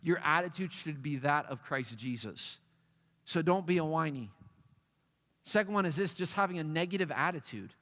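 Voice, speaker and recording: A high-voiced man preaches to a room of young people, playful and animated as he acts out whining voices. His words ring out with a long hall reverb. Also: moderate pace. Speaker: youth pastor. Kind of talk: youth sermon.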